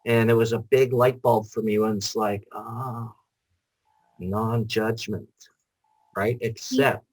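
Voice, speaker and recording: A man's voice: fairly low pitch, slow, no room sound, low-quality recording. A man hosting a casual interview, speaking easily with plenty of fillers. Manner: relaxed, many "you know" fillers. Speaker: host.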